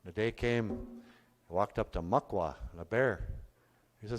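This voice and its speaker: A man's voice: lowish voice, normal speed, in a large hall. A man telling a folk story live on a stage, with a folksy, chatty delivery full of asides. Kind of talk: live oral storytelling to an audience. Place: arts center stage.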